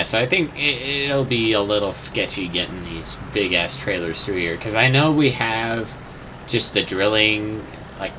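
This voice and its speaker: A man's voice: fairly low pitch, background noise. A young man chatting casually over his gameplay, rambling and unsure, swearing now and then and humming little sound effects. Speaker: gamer.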